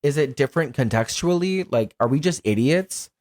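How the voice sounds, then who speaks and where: A man's voice: fairly high pitch, lively intonation, moderate pace, darkish tone. A man co-hosting a horror movie podcast, chatting casually, swearing freely and laughing often. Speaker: podcast co-host. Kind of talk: casual chat.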